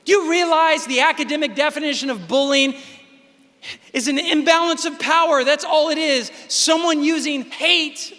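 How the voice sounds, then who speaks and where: High, bright-voiced man speaking in a hall. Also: normal speed. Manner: emphatic, acts out voices in dialogue. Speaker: keynote speaker. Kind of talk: motivational keynote speech. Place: large convention hall. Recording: reverberant hall sound.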